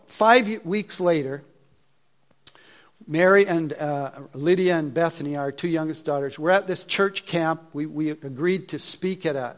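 Animated preacher telling a story. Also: male voice, a little high. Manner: animated, acts out his own thoughts, drops to hushed asides. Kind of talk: storytelling sermon.

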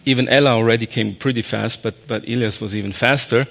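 A man telling his own faith story in an earnest, halting way, often restarting his sentences and breaking into short laughs. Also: medium pitch, fairly even intonation, creaky, fairly bright tone. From raised in a Muslim family. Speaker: speaker sharing a personal faith story. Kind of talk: personal testimony talk.

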